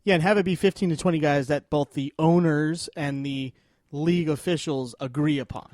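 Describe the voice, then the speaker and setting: A man's voice: a little high, moderate pace, a little mellow, no echo, clean studio sound. A man co-hosting a casual sports podcast, earnestly arguing his point at length. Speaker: podcast co-host.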